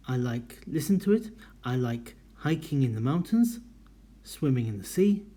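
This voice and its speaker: A man teaching a recorded lesson, explaining deliberately and modelling lively intonation in example sentences. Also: medium pitch. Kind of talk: recorded lecture.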